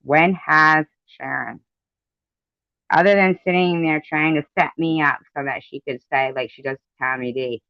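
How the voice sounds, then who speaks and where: A man's voice: fairly high pitch, steady tone, normal speed, vocal fry, bright, forceful tone, clear, resonant tone, no room sound. A man delivering an angry, profane commentary rant, indignant and repetitive, on a dull lo-fi recording. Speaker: commentary vlogger. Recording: dull lo-fi sound.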